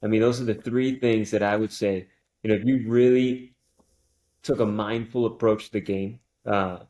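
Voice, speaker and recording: A man's voice: on the low side, steady tone, normal speed, warm tone. A man hosting a golf podcast, talking in a motivational way and repeating phrases for emphasis. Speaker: podcast host. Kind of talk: casual podcast interview.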